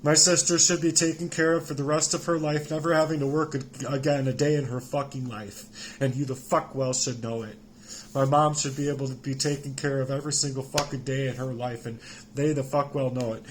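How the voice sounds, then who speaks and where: A man in his forties delivering an angry personal rant, heavily profane, swinging between shouting and low muttering. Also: steady tone, fairly quick, a little hiss or hum. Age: 40s.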